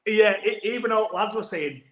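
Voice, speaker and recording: A man chats casually on a podcast, his voice sitting a little high as he rambles through an anecdote with false starts. The room around him is echoey. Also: normal speed, a bit bright. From England. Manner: rambling anecdotal storytelling with restarts. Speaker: rugby player guest.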